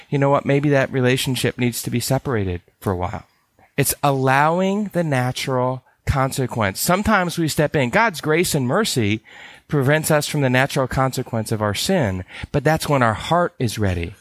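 A man's voice: medium pitch, a bit bright, no room sound. A man teaching ministry helpers in an earnest, conversational way, often restarting and repeating phrases. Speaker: ministry care trainer. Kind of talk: teaching talk.

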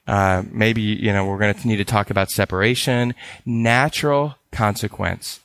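A man's voice: lowish voice, steady tone, moderate pace, fairly bright tone, clear, resonant tone, dry recording. A man teaching ministry helpers in an earnest, conversational way, often restarting and repeating phrases. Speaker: ministry care trainer. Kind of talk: teaching talk.

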